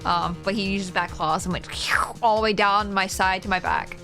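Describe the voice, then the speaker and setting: A woman's voice: medium pitch, fairly even intonation, moderate pace, sharp tone, soft background music. A young woman streaming a game, chatting casually and giggling, with lots of "like" fillers. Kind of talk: casual gaming stream chat.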